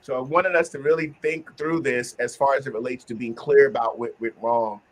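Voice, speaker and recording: A man hosting a casual group discussion, talking earnestly about self-reflection and turning animated when he acts out examples. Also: medium pitch, fairly quick. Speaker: host.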